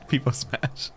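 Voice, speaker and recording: A man chatting to his viewers while he plays a game, excitable and gushing. His voice sits a little high and swings up and down a lot. Faint music plays underneath. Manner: excitable, gushing, talks to chat. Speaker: streamer. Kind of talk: casual game stream chat.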